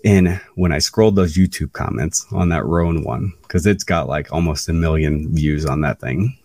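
Man, low voice, slightly husky, dry sound, animated storyteller, a bit distant from the mic. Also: normal speed, no echo. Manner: animated, acts out other people's lines. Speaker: guest, independent wrestler. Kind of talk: casual storytelling interview.

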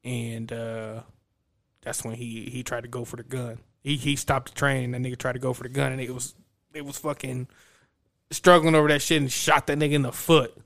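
A young man in casual chat, recapping a movie plot in a rambling, profane, animated way. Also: mid-range voice, a little fast, vocal fry. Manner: profane, animated storytelling with acted-out quotes.

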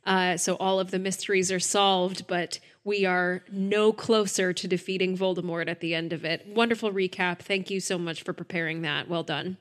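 A woman's voice: on the low side, steady tone, normal speed, hardly any pauses. A woman co-hosting a podcast, chatting enthusiastically with frequent fillers. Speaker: podcast co-host. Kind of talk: casual podcast chat.

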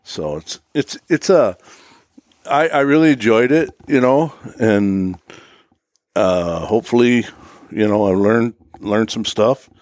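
A man's voice: fairly low pitch, takes it slowly, a little mellow, no room sound, clean studio sound. A man recounting a hunting trip in a rambling casual way, filling gaps with "you know". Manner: rambling, lots of "you know", laughs at himself. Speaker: podcast co-host. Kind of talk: casual chat.

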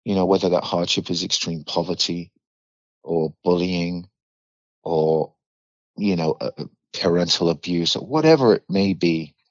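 A man's voice: low-pitched, moderate pace, no echo. A middle-aged man from the United Kingdom with a British accent, a podcast guest telling a story bluntly and vividly, swearing freely. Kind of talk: candid storytelling in a podcast interview. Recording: slightly dull dry recording.

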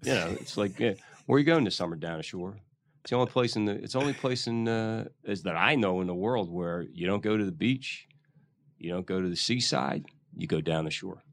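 A man voicing a working-class Philly guy, easygoing and rambling in a thick Philadelphia accent. The voice sits low. It is recorded close and dry. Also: brisk, no echo, lightly acted. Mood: breezy. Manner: casual, rambling small talk.

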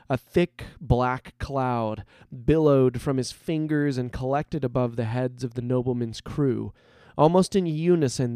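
A man reads a dark fantasy tale at an unhurried, measured pace, leaning into the drama. His voice is smooth and crisp, recorded dry and close with no room sound, in an audiobook style. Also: medium pitch, dry recording. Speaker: narrator. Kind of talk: scripted story narration.

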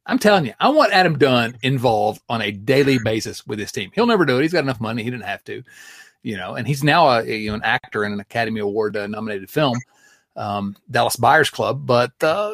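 A man's voice: medium pitch, a bit bright, no echo, clean studio sound. A middle-aged man hosting a casual sports podcast, laughing often and restarting sentences as he talks. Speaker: podcast host.

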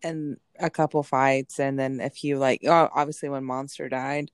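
A woman in her thirties with a low, deep voice, talking in a relaxed, chatty way. She acts out quotes as she goes, and the sound is dry and close. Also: moderate pace, smooth, dry recording. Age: 30s. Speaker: podcast co-host. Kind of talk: casual chat.

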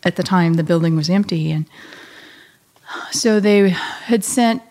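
A middle-aged woman, a guest on an interview show, telling an emotional personal story in a halting, heartfelt way with many pauses and restarts. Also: lowish voice, darkish tone. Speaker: guest, a bereaved mother.

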